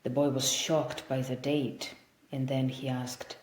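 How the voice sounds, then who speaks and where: A woman narrating an audiobook in a slow, careful storybook reading style. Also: extremely low pitch, level tone, a little mellow. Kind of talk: scripted narration. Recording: roomy echo.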